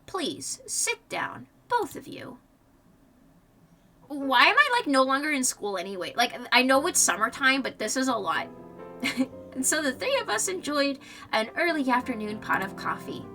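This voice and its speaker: A woman's voice: sits high, big pitch swings, moderate pace, pushed and bright. A young woman in her twenties streaming, reading a visual novel aloud with chatty, rambling asides. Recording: distant mic, faint music behind.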